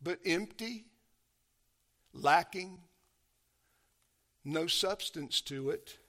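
A man preaching a sermon, emphatic, swinging from hushed to loud and urgent, calling his listeners beloved. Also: a little high, extremely slow.

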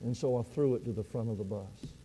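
A man's voice: mid-range voice, quick pace, mellow, slight background noise, pitched below the performer's own voice, natural voice. A man voicing a frightened, ashamed teenage boy football player whose voice quivers as he confesses. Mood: desperate confession.

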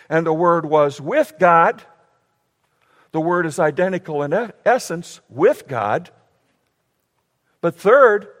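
Emphatic preaching man in a reverberant hall. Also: on the high side. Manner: emphatic preaching, swings from loud to hushed. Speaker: pastor. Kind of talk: sermon.

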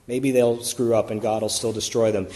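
A man's voice: on the low side, flat delivery, normal speed, mellow, long reverb tail. A man preaching a conversational sermon, stopping to correct himself and reading scripture aloud.

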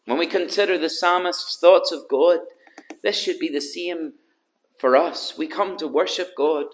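Guy preaching an evening sermon, pretty high voice, earnest and building up with questions. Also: unhurried. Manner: earnest, builds through repeated rhetorical questions.

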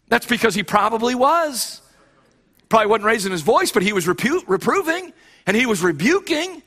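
A man's voice: very high voice, sing-song, normal speed, a bit bright, husky. A male pastor preaching a sermon with emphatic delivery, often repeating and restarting phrases.

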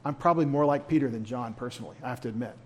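A man's voice: medium pitch, rapid-fire, a little hiss or hum. A man leading a church Bible study in a folksy, conversational way, with humorous asides.

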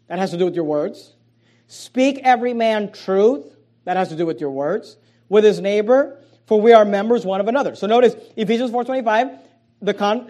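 A pastor delivering a sermon in a notably high voice for a man. He stumbles and repeats words, then drops low and quiet before rising into loud, emphatic lines. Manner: emphatic preaching with frequent repeated words and restarts; swings between soft low asides and loud raised emphasis.

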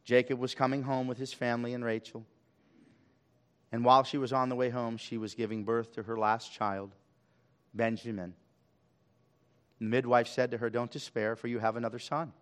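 Male pastor, sermon, dramatic swells and hushed drops, mid-range voice. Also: mid-range voice. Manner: dynamic preaching, swelling loud then dropping soft.

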